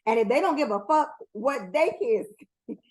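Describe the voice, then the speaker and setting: A young adult woman hosts her own podcast, rambling solo in a blunt, profane, casual commentary full of ums. Her voice is expressive, on the high side and darkish in tone, slightly rough, at a normal speed, and the recording quality is low.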